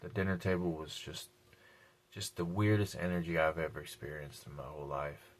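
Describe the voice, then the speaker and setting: A man with an extremely low pitch speaks briskly and flatly as he tells a personal vlog story. Blunt, a little profane, and heavy on casual slang, he keeps repeating key lines for emphasis.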